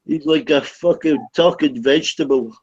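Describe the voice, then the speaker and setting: A man's voice: on the high side, moderate pace, darkish tone, slightly rough. A man from Wales in a casual online voice chat, teasing others with crude, profane banter. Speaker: voice chat participant. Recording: dull lo-fi online voice chat audio.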